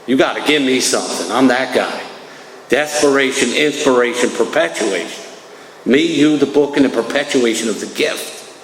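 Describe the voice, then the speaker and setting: A man's voice: mid-range voice, moderate pace, fairly bright tone. Middle-aged man, speaker at a recovery meeting, chatty testimony, tags lines with "man", roomy reverberant hall sound. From New Jersey. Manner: conversational, peppered with "man" and "right". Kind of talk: personal testimony talk. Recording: echoey hall, faint room noise.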